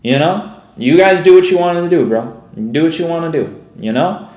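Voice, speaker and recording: Young man, day trader livestream, profane, exasperated, says bro a lot, somewhat high voice, roomy echo. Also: expressive, moderate pace, darkish tone. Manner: profane, exasperated, constantly saying bro and dude. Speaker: day trader streaming live. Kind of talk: live trading commentary.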